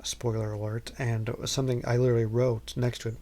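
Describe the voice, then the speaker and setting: A man's voice: medium pitch, level tone, brisk, few pauses, warm tone, a little hiss or hum. A man hosting a podcast, recapping a film in a casual, rambling way with lots of ums and wry asides. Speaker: podcast host.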